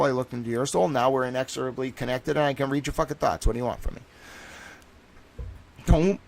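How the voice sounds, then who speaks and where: A man's voice: mid-range voice, creaky, a little mellow. A man talking in a casual livestream monologue, rambling and self-assured, swearing often and jumping between thoughts. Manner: restless, with many fillers and restarts. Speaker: streamer and citizen investigator.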